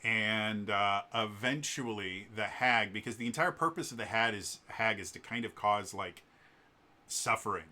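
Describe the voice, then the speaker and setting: Man, casual storytelling vlog, bright forceful voice, animated and rambling, lots of ums. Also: on the low side, a little slow. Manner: animated, rambling retelling with many fillers. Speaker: vlogger.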